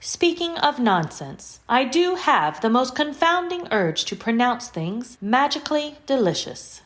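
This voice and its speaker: A woman's voice: sits high, very animated, a little slow, a bit bright, exaggerated voice. A woman voicing a literal, formal female AI computer in an audio drama, with precise diction and no contractions. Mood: calm.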